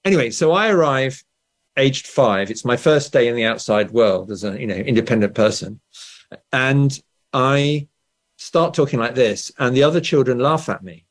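A man's voice: mid-range voice, lively intonation, moderate pace. English man explaining with "right?" tags. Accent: standard Southern English. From England. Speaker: author and guest. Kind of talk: conversational interview.

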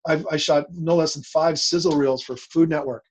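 Man, guest storyteller, slightly high voice, rambling, animated, restarts a lot. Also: normal speed. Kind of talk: storytelling interview.

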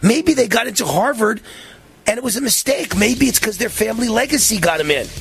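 A man hosting a talk show, giving excitable and passionate political commentary in a ranting manner. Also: sits high, brisk, creaky, slightly rough, no echo, soft background music.

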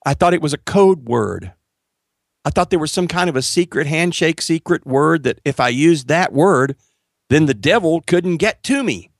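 A man's voice: lively intonation, moderate pace, creaky, dry recording, clean studio sound. A man telling his testimony as a guest, acting out the dialogue and speaking earnestly to the host. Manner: acts out dialogue with big pitch jumps; earnest, addresses the host directly. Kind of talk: animated storytelling.

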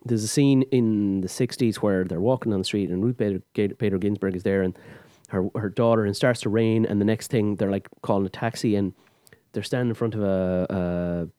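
A man doing mellow-voiced lively film chat. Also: lowish voice, fairly quick, few pauses, dry recording, clean studio sound. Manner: animated, acts out quotes in put-on voices. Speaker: film review podcast host. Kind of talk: casual film review chat.

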